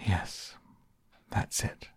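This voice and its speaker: A man voicing a mournful, quarrelsome hatter in a slow storybook reading. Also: low-pitched, animated, gravelly, a little mellow, slightly rough, no room sound, studio quality, exaggerated voice. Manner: mournful, argumentative.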